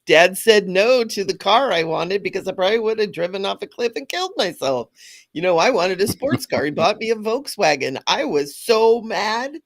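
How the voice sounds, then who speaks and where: A woman's voice: medium pitch, animated, brisk. A middle-aged woman, a spiritual teacher, talking earnestly in a casual spiritual chat, laughing often.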